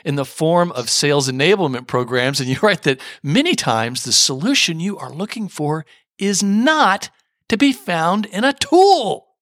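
Measured podcast host, bright male voice. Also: on the high side, very animated, dry recording, studio quality. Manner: measured, conversational questioning. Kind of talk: podcast interview.

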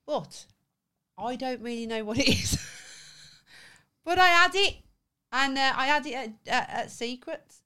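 A woman's voice: high-pitched, steady tone, moderate pace, a bit bright, smooth. A woman with a Scouse accent co-hosting a casual podcast chat, chatty and teasing with some swearing. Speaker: podcast co-host.

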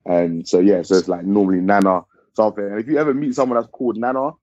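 A man from Ghana, a podcast guest, talking in a relaxed, hesitant way with many fillers. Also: on the low side, fast, no echo, dull audio. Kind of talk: casual podcast chat.

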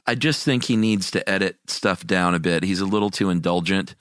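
Low-voiced man in casual movie chat. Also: fairly quick, a bit bright, clear, resonant tone, no room sound, studio quality. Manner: joking, listing movies with playful intros. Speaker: podcast co-host.

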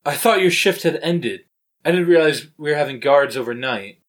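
A wary young elven man, prim and suspicious, as the game master puts him on. He questions in a measured, mid-pitched voice. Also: lively intonation, natural voice. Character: wary young male elf, prim about rules.

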